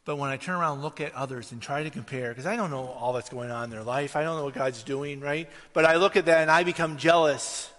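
A man with a high, bright voice preaches to his congregation, shifting into animated impressions as he tells stories. His words ring out with a long hall reverb around them. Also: fast talker, few pauses. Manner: animated storytelling, mimics voices in anecdotes. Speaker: pastor. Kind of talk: sermon.

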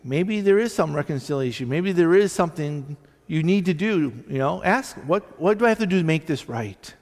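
A male pastor preaching a sermon, animated as he tells stories and acts out both sides of conversations. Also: on the high side, normal speed, long reverb tail. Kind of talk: sermon with storytelling.

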